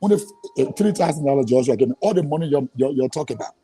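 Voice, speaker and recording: The man, an interview guest with a Liberian English accent, has a medium-pitched, mellow voice with a breathy edge, and he talks fast and animatedly. Heated and angry, he repeats himself and stammers through restarts. The recording quality is low.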